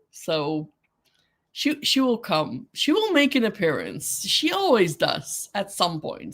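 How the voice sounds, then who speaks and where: Woman chatting slow on a livestream, giggly, says hi to everyone. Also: fairly low pitch. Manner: chatty, giggly, greets viewers by name. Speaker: livestream host. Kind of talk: casual livestream chat.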